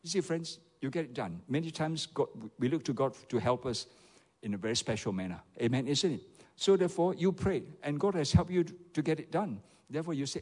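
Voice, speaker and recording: A man's voice: medium pitch, animated, a little fast, darkish tone, long reverb tail. A man with a Malaysian English accent, a pastor preaching a sermon and often calling on the congregation to respond. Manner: rhetorical, repeatedly asks the audience for replies.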